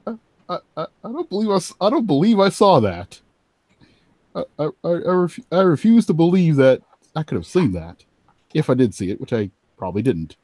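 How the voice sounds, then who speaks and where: A man's voice: fairly high pitch, very animated, a little fast, warm tone, slightly rough, no echo. A man playing a tabletop game in character, stammering nervously. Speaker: player.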